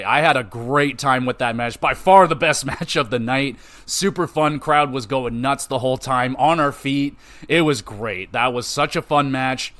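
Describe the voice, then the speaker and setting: A man hosting a podcast, gushing and swearing as he recaps a show he loved. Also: medium pitch. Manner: excitable, profane, gushing fan. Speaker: podcast host.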